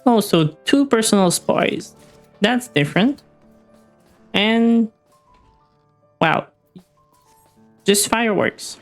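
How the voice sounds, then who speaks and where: A young woman from Quebec with a Quebec French accent, chatting casually with her stream, often pausing on "uh" and "um". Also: medium pitch. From Quebec, Canada. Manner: hesitant, many "uh" and "um" fillers. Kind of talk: casual chat with live chat while gaming.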